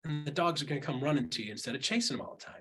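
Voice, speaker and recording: A middle-aged man coaching real estate agents on a video call, animated, acting out quotes in jumpy voices. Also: racing, slightly rough. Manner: animated, acts out quotes with jumps in pitch. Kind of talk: energetic coaching talk.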